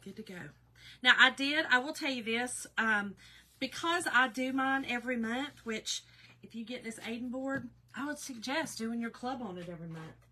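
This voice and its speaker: Chatty Southern woman with a bright voice. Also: a little high, normal speed. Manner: chatty, folksy, talks to viewers as y'all. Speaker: craft business owner hosting a live video. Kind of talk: casual live chat while crafting.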